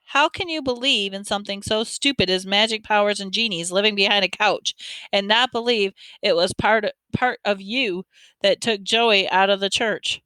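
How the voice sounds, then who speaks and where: A woman's voice: medium pitch, normal speed, sharp tone, clean tone, no echo, natural voice. A woman reader voicing a tough teenage boy who talks slangy and bossy to his little brother. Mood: scolding. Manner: slangy, scolding, street talk.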